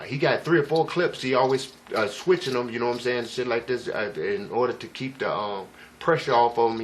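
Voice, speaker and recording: A man's voice: medium pitch, a bit bright, a little hiss or hum. Rambling, profane man telling a story. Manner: rambling, profane, emphatic, frequent "you know what I'm saying". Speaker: vlogger. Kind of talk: casual first-person storytelling.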